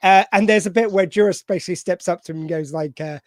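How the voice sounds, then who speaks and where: A man's voice: sits high, quick pace, dry recording. A man co-hosting a podcast, talking enthusiastically and swearing freely about an episode. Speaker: podcast co-host. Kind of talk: casual chat recapping an episode.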